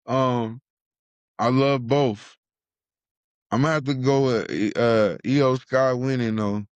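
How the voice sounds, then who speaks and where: Energetic male co-host, slangy and playful, smooth voice, dry close sound. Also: medium pitch, slow, dry recording. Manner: hyped, slangy, playful shout-outs. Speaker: podcast co-host. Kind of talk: casual wrestling podcast chat.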